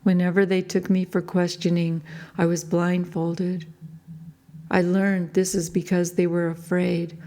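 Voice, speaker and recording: A woman reading her own book aloud in a grave, measured first-person storytelling manner. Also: on the low side, little pitch movement, mellow. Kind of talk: audiobook narration.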